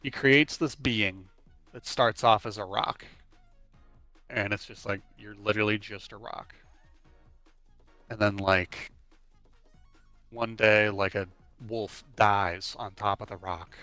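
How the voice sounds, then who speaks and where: A man's voice: fairly low pitch, slow pace, long pauses, dry recording, soft background music. A young man in his twenties, casually chatting on a livestream, rambling and saying "like" constantly as he tells stories. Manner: rambling, leans on the filler "like"; animated storyteller who acts out quotes. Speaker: livestream host. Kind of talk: casual chat while streaming.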